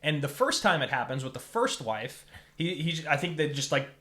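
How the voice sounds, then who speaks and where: A man's voice: on the high side, big pitch swings, fairly quick, a bit bright. A man co-hosting a podcast, talking through a film review in a casual, thoughtful way and correcting himself as he goes. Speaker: podcast co-host. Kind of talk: casual movie review chat.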